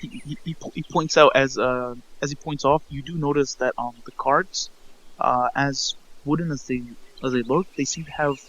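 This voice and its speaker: Halting male game master. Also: mid-range voice, steady tone, fairly bright tone, low-quality recording. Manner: halting, full of fillers and restarts. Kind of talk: narrating a tabletop game.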